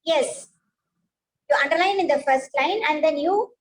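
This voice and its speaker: High-voiced woman teaching a class. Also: normal speed, slight background noise, rough recording. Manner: patient, repeats and praises students by name. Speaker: school science teacher.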